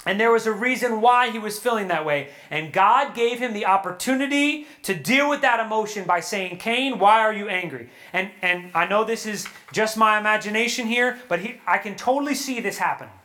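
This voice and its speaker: A man preaching at a young adult retreat, earnest and animated, acting out prayers and quotes before a live audience. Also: high voice, brisk, hardly any pauses. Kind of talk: sermon.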